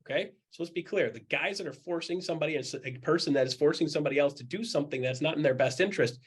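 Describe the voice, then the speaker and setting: Quick-paced and husky, with a fairly high pitch, a man coaches a group of real estate agents. He's blunt and jokey, acts out quoted voices with animation, and restates his points again and again.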